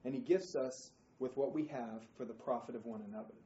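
A man teaching a Bible study group in an informal, animated way, acting out quotes with slang. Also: mid-range voice, fairly quick. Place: indoor room, group class. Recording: roomy, dull, faint noise.

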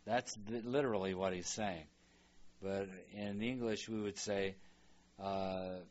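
A man teaching a Bible language lesson, slowly sounding out and repeating words for students to follow. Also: deep voice, level tone, darkish tone, dull audio. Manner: slow, repeats words aloud for practice. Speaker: Hebrew teacher.

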